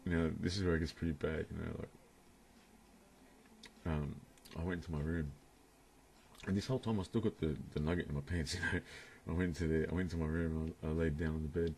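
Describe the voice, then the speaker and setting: A young vlogger at home indoors tells his camera a crude story, rambling and laughing often. He has a bass voice that's steady, a little mellow and fairly quick, with slight background noise.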